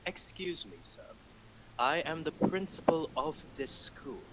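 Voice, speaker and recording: A man's voice: a little high, lively intonation, measured pace, crowd noise, voice pushed up, poor audio. A man putting on a stern British woman school principal with a prim, haughty manner.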